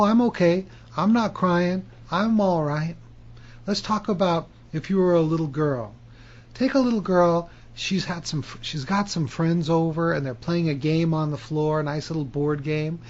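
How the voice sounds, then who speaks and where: A man with a slightly raised voice talks straight to camera as a self-help author. His telling is animated and emphatic. The sound is dull and lo-fi. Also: fairly high pitch. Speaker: author and hypnotherapy teacher. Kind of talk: self-help video monologue.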